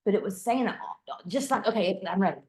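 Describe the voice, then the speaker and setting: A woman's voice: medium pitch, fast talker. A woman yoga trainee sharing her thoughts in a group, searching for words and restarting often. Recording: echoey room.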